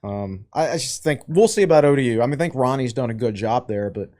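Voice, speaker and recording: A man's voice: medium pitch, expressive, quick pace, mellow. A man co-hosting a sports podcast, chatting casually and tossing in wry one-liners. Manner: wry quips. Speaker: podcast co-host.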